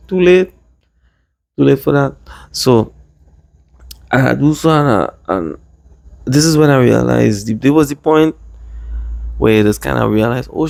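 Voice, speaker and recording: A man from Trinidad with a Trinidadian accent, casually telling a rambling personal story in lively dialect. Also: medium pitch, gravelly, no echo. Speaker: vlogger.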